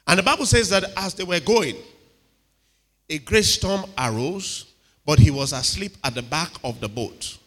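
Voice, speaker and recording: A man preaching a sermon with animated delivery, acting out quotes and checking in with the congregation. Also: a little high, normal speed. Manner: animated, dramatic, acts out quotes, asks the crowd "are you with me". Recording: reverberant hall.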